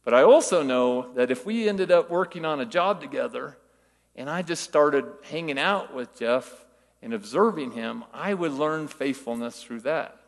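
A man's voice: a little high, lively intonation, normal speed, vocal fry, in a large hall. An older man giving a conversational sermon, telling folksy stories and asking rhetorical questions. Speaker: church teacher.

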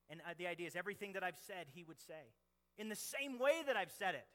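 A man's voice: high-pitched, animated, quick pace. Passionate young man preaching in a hall. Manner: passionate preaching, swinging between loud emphasis and hushed asides. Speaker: pastor. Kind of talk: sermon. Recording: long hall reverb.

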